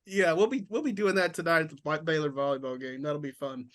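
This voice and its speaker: A man's voice: fairly high pitch, fast, fairly bright tone. A man from Texas hosting a casual sports podcast, upbeat and laughing often. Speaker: podcast host.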